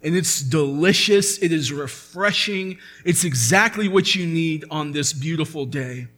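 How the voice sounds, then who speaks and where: A man's voice: fairly high pitch, unhurried, fairly bright tone. A man preaching a sermon as pastor, earnest and building to emphatic peaks.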